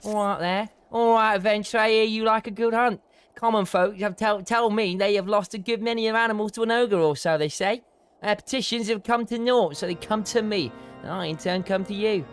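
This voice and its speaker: A man's voice: sits high, fairly quick, smooth, soft background music, pitched above the performer's own voice. A man voicing a brash hunter with an Essex accent, in a game voiceover. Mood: cheery.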